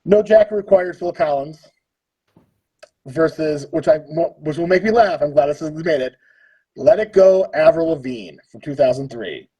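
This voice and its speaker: A man in his thirties hosts a relaxed livestream chat, his voice a little husky and sitting higher than most men's. He talks in a loose, joking way as he announces each matchup. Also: normal speed, rough recording. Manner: jokey, reads out matchups. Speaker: livestream host. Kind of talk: casual chat.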